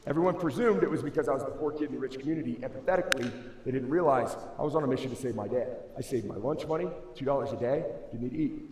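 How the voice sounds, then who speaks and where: Young male motivational speaker, slightly high voice, slangy and emphatic, booming reverb of a big hall. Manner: casual and slangy, calls listeners bro and dude; emphatic, swings between loud and hushed. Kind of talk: motivational school assembly speech. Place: large school assembly hall. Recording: echoey hall, long reverb.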